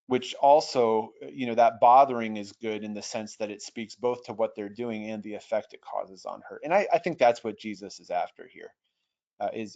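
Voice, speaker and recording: A man teaching an online webinar on translation, talking in a thoughtful, hesitant way with restarts, slowly sounding out foreign phrases. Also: lowish voice, vocal fry, a little mellow, highs cut off. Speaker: Bible software trainer. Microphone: computer mic over internet.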